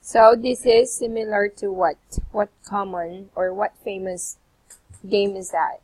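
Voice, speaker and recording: Female English tutor, patient questioner; slow delivery, slightly husky tone. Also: medium pitch, fairly even intonation, low-quality recording. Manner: patient, prompting with questions and soft acknowledgements. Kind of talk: online English conversation lesson.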